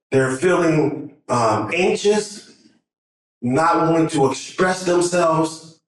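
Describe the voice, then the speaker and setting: A man's voice: fairly high pitch, a bit bright. A middle-aged man giving an emotional, earnest talk to a conference audience, nervous and often restarting his sentences. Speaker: conference speaker. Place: large conference hall. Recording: echoey hall from far off.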